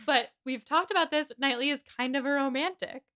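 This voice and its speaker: A young woman co-hosting a casual book podcast, retelling a novel's chapters with lots of little character voices. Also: sits high. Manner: animated retelling, acting out characters in quick voices. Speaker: podcast co-host. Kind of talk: casual book-club chat.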